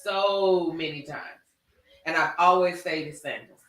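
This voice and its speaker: An animated man holds forth in casual conversation, drawling and slangy as he tells his stories. His voice sits high and bright. The room around him rings with echo. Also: a little slow, recorded from a distance. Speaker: podcast host. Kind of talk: casual chat. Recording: echoey room.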